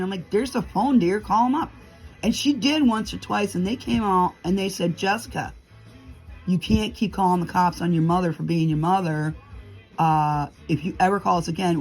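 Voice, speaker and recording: Husky middle-aged woman ranting. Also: lowish voice. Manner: heated, storytelling, acts out quotes. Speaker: vlogger. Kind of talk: casual rant to camera.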